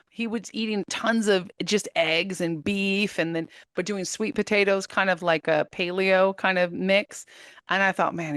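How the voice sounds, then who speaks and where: A woman in her thirties, an interview guest, telling her story in lively casual talk and laughing often. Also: on the low side, no room sound, clean studio sound. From United States.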